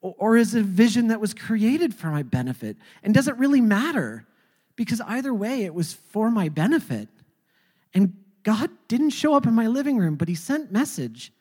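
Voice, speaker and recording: A speaker recounts a personal faith testimony in a halting, conversational way, often doubling words before pressing on. The voice sits at an ordinary middle pitch. It rings with a long, hall-like reverb. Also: sing-song, darkish tone. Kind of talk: personal storytelling.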